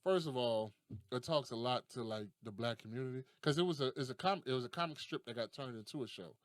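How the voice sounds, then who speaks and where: A young adult man hosting a casual podcast, telling stories in a profane, animated way and laughing often. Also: medium pitch, fast talker, dry recording. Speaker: podcast host.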